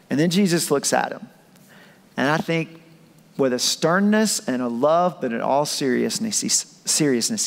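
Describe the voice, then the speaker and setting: A man's voice: mid-range voice, a little slow, creaky. A male pastor preaching a sermon in a humorous, conversational way, acting out the scenes he retells. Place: church auditorium. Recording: echoey church hall.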